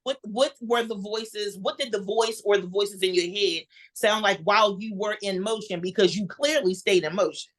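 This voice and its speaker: A woman's voice: mid-range voice, normal speed, hardly any pauses. A woman hosting a podcast who asks questions in a casual, affirming way. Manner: affirming, frequent encouraging backchannels. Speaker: podcast host. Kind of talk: casual interview.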